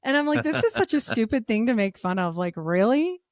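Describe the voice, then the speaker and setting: Animated woman spinning funny stories. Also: fairly quick, no room sound, studio quality. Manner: animated storyteller, acts out quotes in a higher voice; laughs often, swears casually. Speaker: podcast guest. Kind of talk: casual podcast chat.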